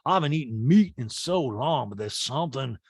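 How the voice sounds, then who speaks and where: A man voicing a chipper, breezy woman with a bright, chirpy delivery. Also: mid-range voice, lively intonation, a little fast, slightly rough, no echo, clean studio sound.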